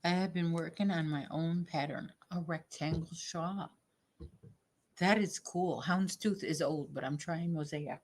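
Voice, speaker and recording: Brief: low-pitched woman host, unhurried, friendly crochet-stream chatter, addresses viewers by name. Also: darkish tone, a little hiss or hum. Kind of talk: casual chat while crocheting.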